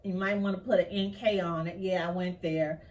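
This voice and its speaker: A woman's voice: on the low side, steady tone, moderate pace, darkish tone, recorded from a distance. A woman hosting casual commentary on news cases, outspoken and passionately indignant. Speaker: commentary channel host.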